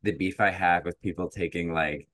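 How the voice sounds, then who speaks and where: A man with a very low voice co-hosts a podcast in easygoing chat. He rambles, restarting thoughts and filling gaps with "like" and "uh." The sound is dry and close. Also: fairly even intonation, normal speed, fairly bright tone, dry recording. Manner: rambling, many fillers and restarts. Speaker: podcast co-host. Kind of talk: casual chat.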